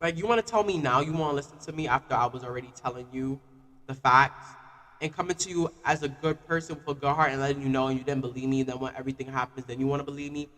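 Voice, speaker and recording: A man's voice: medium pitch, fast talker, in a large hall. A man ranting casually on a live stream, full of "like" fillers. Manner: animated, repetitive "like" fillers.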